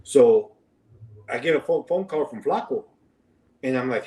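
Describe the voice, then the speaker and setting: A man's voice: expressive, a little slow, mellow, recorded from a distance. Rambling storyteller man, roomy and off-mic. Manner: rambling, full of fillers, acts out quoted lines in a higher voice. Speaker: podcast guest. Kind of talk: casual storytelling.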